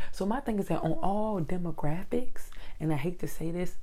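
A woman with a low, mellow voice talks straight to her viewers in a casual rant. She tells her story in an animated way, acts out the people in it and keeps turning to the audience with asides. She speaks into a handheld mic. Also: brisk, few pauses.

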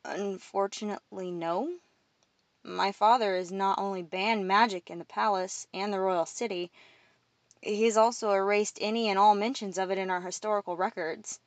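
A woman's voice: mid-range voice, fairly even intonation, normal speed, no echo, natural voice. A woman voicing a polite, earnest young male prince at school in an audiobook, plain-spoken and courteous.

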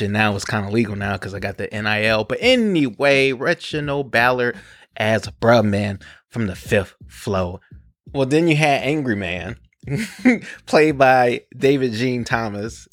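A man hosting a podcast, chatting casually with slangy, animated asides and frequent laughs. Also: fairly low pitch, no echo, studio quality. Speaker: podcast host. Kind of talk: casual chat.

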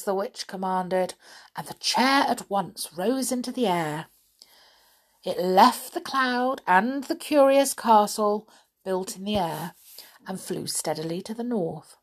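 Slow, lively woman reading aloud. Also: mid-range voice. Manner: gentle, expressive read-aloud tone for children. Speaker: storyteller. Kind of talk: reading a children's book aloud.

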